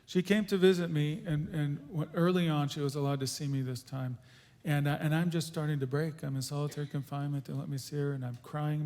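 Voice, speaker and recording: Earnest male speaker telling his story, a little high-pitched, echoing church hall. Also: fairly even intonation, a little mellow. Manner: earnest, halting, with restarts. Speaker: guest speaker. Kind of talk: conference Q&A testimony. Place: church auditorium.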